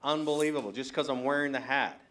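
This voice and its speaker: A man's voice: mid-range voice, quick pace, fairly bright tone, slight background noise. A man appearing as a guest on a call-in show, getting defensive and riled by prank callers. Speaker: studio guest.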